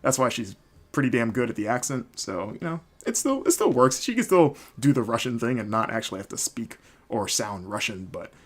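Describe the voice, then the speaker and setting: A man's voice: mid-range voice, very animated, brisk, husky. A man hosting a solo wrestling recap podcast, rambling casually with many fillers and restarts. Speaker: podcast host.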